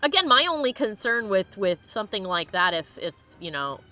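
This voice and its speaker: A woman's voice: medium pitch, very animated, normal speed, over music. A woman streaming a video game, chatting casually and swearing at enemies between laughs. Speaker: let's play streamer. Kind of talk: casual gameplay commentary.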